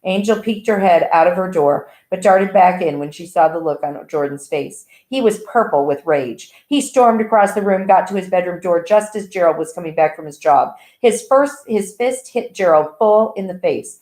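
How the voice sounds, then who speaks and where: A woman reading a novel aloud in an even, plain way with small slips. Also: on the low side, moderate pace, few pauses. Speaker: audiobook reader. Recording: echoey room.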